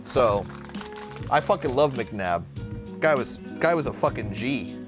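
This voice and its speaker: A man's voice: medium pitch, expressive, measured pace. A young man from Arizona chatting casually while cooking on a live stream, brash and profane, jumping from topic to topic. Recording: music playing under the voice. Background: guitar music.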